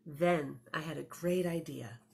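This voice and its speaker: A woman librarian reading a picture book aloud to children, expressive and storytelling, with chatty asides. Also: low voice, unhurried, vocal fry, breathy edge.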